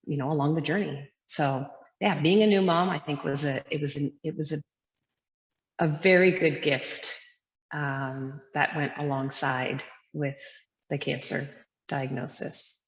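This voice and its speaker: Brief: woman, 30s, yoga teacher guest, low voice, earnest, reflective, long echo, dull lo-fi audio. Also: steady tone, unhurried. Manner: earnest, reflective, with frequent fillers. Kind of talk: casual interview talk. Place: her yoga studio. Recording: dull lo-fi sound with long echoey reverb.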